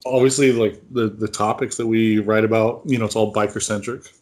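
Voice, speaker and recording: A man's voice: lowish voice, steady tone, a little fast, a little mellow. A man co-hosting a casual podcast chat, rambling with lots of fillers and frequent laughs. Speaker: podcast co-host.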